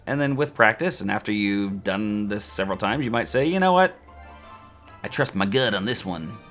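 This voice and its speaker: In a fairly high-pitched, fairly bright voice, a statistics instructor delivers a relaxed video lecture, joking and chatting, going off on rants and poking fun at himself.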